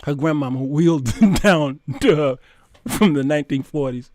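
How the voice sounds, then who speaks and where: A man hosting a comedic commentary show, telling a story in an animated way, laughing often and addressing his viewers directly. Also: mid-range voice, normal speed, dry recording. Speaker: show host.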